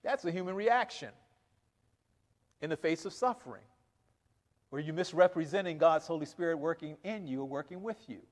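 A man with a high, bright voice preaching a sermon, reading scripture and acting out its lines with animated asides and laughs. Long reverb from the hall trails each phrase. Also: normal speed, long pauses.

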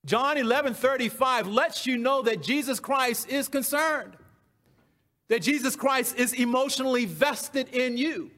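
A man's voice: very high voice, unhurried, pushed and bright. A man preaching a sermon, repeating key phrases with emphasis. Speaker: pastor.

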